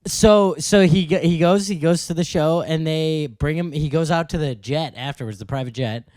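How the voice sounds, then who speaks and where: A man's voice: fairly high pitch, normal speed, a little mellow, dry recording, clean studio sound. A man co-hosting a casual podcast, telling a family story with frequent laughter and goofy impressions. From Minnesota. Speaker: podcast co-host.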